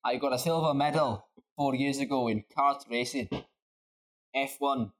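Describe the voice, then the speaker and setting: Man bragging deadpan at the game table. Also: mid-range voice, unhurried. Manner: boastful, joking, deadpan. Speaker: player. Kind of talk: casual banter at a game table.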